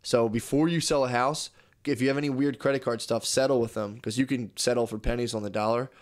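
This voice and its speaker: A man's voice: mid-range voice, steady tone, quick pace. Swearing, rambling young man on a podcast. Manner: rambling storyteller, swears freely, acts out both sides of phone calls. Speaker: podcast co-host. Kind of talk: casual chat.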